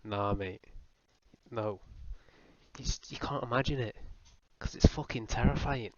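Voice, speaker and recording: A man's voice: mid-range voice, measured pace, no echo. A young man doing a profane, rambling, mock-serious comedic rant as a voice-over. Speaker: comedy video host. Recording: dull lo-fi voice-over with faint music.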